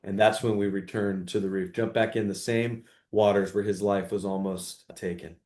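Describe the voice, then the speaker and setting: A middle-aged man, a father, telling a story in an interview with earnest warmth and acting out quoted dialogue. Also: lowish voice, steady tone, moderate pace. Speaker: guest, father.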